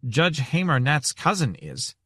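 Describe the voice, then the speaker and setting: A man's voice: mid-range voice, very animated, unhurried, fairly bright tone, husky, no room sound, studio quality, pitched above the performer's own voice, heavily acted. A man reading an audiobook, voicing a portly, breathless older innkeeper who gasps and speaks in inverted word order. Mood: gasping. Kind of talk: audiobook character voice.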